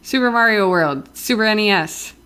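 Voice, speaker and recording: A woman's voice: medium pitch, animated, normal speed, sharp tone, clean tone. A woman co-hosting a casual podcast, reading news items and giving brief, dry replies. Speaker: podcast co-host.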